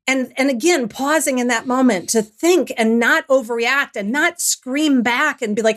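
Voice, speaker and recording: A middle-aged woman, a guest on an interview show, telling a personal story in a reflective way that turns animated as she retells it, often restarting her sentences. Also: fairly high pitch, moderate pace, few pauses.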